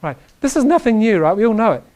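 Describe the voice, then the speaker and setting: A man giving an energetic chiropractic lecture, emphatic and animated, often checking in with "right?". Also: high-pitched, fast talker. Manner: reads quotes aloud to the audience.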